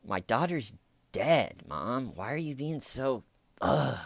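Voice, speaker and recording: A man's voice: medium pitch, very animated, takes it slowly, vocal fry, dry recording, pitched above the performer's own voice, full character voice. A man putting on a mocking, exasperated whine to voice an annoyed young woman brushing off her mother. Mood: whiny exasperated.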